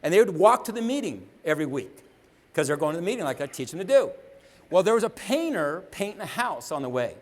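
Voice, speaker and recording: Fast, high-voiced man telling a seminar story. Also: big pitch swings. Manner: storytelling, acts out dialogue, checks in with "okay?". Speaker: motivational speaker. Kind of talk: motivational seminar talk.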